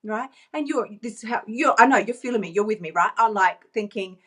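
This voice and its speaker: A woman's voice: medium pitch, fairly quick, hardly any pauses. A woman coach giving a bubbly, playful and emphatic motivational vlog, talking into her phone.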